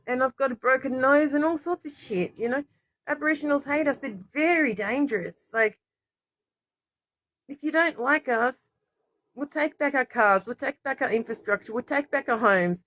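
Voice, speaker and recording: A woman's voice: high-pitched, moderate pace, a bit bright, no room sound. A woman talks in an emotional, rambling monologue to camera and keeps breaking off to apologize. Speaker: vlogger. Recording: dull lo-fi recording.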